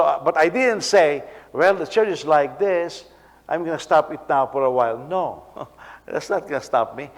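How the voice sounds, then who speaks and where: A man, a senior pastor, preaching a sermon in an animated, halting way, often repeating words as he goes. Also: medium pitch. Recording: long reverb of a hall.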